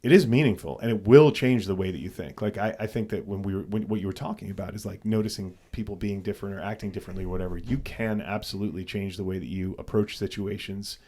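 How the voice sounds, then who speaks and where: A man's voice: fairly low pitch, fast, few pauses, dark tone. A man co-hosting a podcast, telling a story casually and animatedly, with frequent swearing and restarts. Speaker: podcast co-host.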